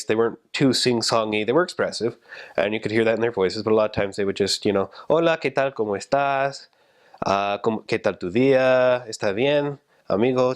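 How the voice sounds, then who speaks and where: A man talking casually about language, explaining in a relaxed way with fillers. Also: on the low side.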